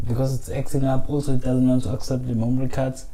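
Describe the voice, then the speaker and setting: Man, very dark voice, casual solo podcast, frustrated, rambling, phone mic. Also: medium pitch, completely flat delivery, quick pace, rough recording. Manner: frustrated, swearing, rambling with restarts. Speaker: podcast host. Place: small room, indoors.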